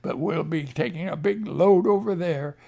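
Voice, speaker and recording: A man's voice: a little high, moderate pace, gravelly, dark tone. A male missionary giving a homespun ministry appeal, talking plainly and calling his listeners neighbor as he tells an emotional story. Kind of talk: folksy radio ministry appeal.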